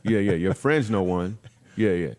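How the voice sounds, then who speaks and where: A middle-aged man, a comedian, telling lively comic stories in a podcast interview and acting out the people in them. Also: low-pitched, moderate pace. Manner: animated storyteller acting out quoted voices. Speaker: guest comedian.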